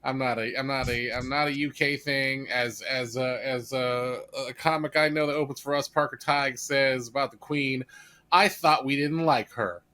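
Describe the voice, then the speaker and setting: A man's voice: medium pitch, steady tone, normal speed, bright, forceful tone. A man who does stand-up and co-hosts a podcast, rambling in jokey casual chat and often restarting his sentences. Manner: rambling, jokey, self-correcting. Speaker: stand-up comic and podcast co-host.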